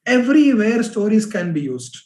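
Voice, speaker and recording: A man, a business storytelling trainer giving an online workshop talk, animated and repeating words for emphasis. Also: high voice, moderate pace. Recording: echoey room.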